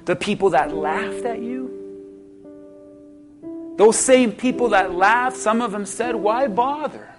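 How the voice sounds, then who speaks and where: A man preaching a sermon as pastor, calling out to the congregation and bringing them to a quiet prayer. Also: sits high, lively intonation, takes it slowly, long pauses. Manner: preaching with call-and-response, from shouted peaks to a hushed altar call. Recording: music playing under the voice.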